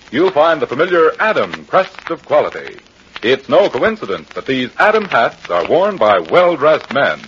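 A male announcer reading a sponsor message in 1940s radio style, smooth and salesy. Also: a little high, fairly bright tone. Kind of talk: 1940s radio advert read. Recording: lo-fi old radio with faint hiss.

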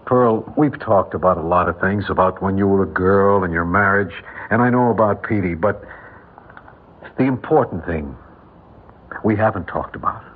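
A modest middle-aged working man, earnest and a little halting. His voice is husky. It comes through a narrow, tinny old radio broadcast. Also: sits low. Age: 40s. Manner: hesitant, earnest. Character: plain, modest filling-station owner, gentle and humble. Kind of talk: 1940s radio acting.

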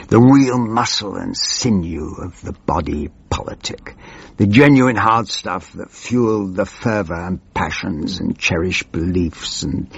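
A man's voice: low-pitched, highs cut off, heavily acted. A man doing a doddering old pompous MP. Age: older. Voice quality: creaky, husky, plummy. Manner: pompous, rambling, forgetful. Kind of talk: comic monologue.

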